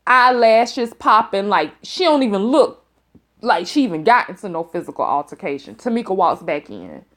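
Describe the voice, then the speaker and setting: A woman's voice: mid-range voice, big pitch swings, normal speed. A woman telling a dramatic story to her viewers, emphatic and repeating lines for effect, with folksy exclamations. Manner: folksy terms of address, exclaims. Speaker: storytime vlogger.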